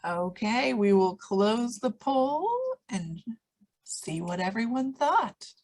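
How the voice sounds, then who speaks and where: A woman moderating an online trivia quiz over a video call, brisk and upbeat as she reads out the questions. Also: mid-range voice, animated, a little mellow.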